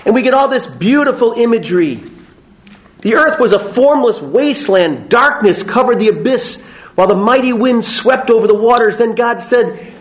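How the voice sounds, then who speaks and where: A man giving a parish Bible study talk, animated and joking, acting out little voices in his stories. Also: very high voice, normal speed, reverberant. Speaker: parish teacher. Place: parish hall or church.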